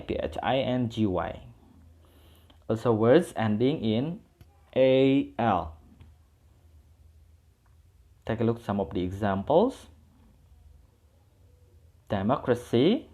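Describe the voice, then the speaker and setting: A man with an Indonesian accent teaching English word stress, switching between Indonesian and English and repeating example words slowly. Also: mid-range voice, a little mellow. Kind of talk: online lesson, mixing two languages.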